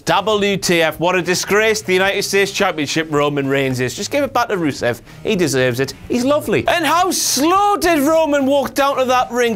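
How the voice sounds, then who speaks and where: A man's voice: very high-pitched, a bit bright. A man who hosts a comedic wrestling review, ranting with heavy swearing and sarcasm.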